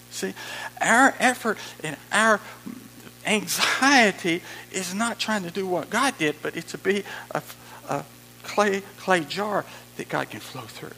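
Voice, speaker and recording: High-voiced, lively preaching man. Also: creaky, long reverb tail, slight background noise, rough recording. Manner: emphatic, repeats key phrases. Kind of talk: sermon.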